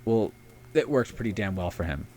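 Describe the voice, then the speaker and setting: The speaker, a man co-hosting an informal history podcast, has a fairly low, expressive voice at a normal speed. He swears and rambles while narrating, and performs historical figures in silly, shouting voices.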